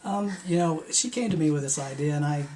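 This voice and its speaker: A man in his forties, soft-spoken and hesitant, answering questions as a guest beside his wife. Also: a little high, fairly quick, a little hiss or hum. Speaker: guest, host's husband. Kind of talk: casual interview answers.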